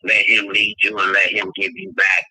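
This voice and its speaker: A man calling in to give gentle, pastoral advice about rest and faith. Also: low voice, completely flat delivery, normal speed, slightly rough, rough recording. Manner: gently pastoral, mentions God. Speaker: caller giving spiritual advice. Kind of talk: calm encouraging advice.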